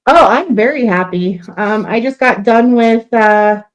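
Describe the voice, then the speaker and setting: A woman co-hosting a livestream, talkative and quick to laugh, often correcting herself mid-sentence. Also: fairly high pitch, low-quality recording. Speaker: livestream co-host. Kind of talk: casual livestream chat.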